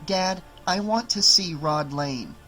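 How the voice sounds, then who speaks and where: Guy doing a scared teen girl, high and pleading, bright voice. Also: slow pace, soft background music, heavily acted. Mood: insistent. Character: frightened teenage girl, determined.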